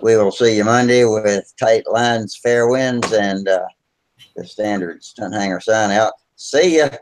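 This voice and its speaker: A man's voice: lowish voice, fairly even intonation, unhurried, a little hiss or hum. A man hosting a hobby video hangout, chatting casually with easygoing, brief replies on a video call. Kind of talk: casual chat.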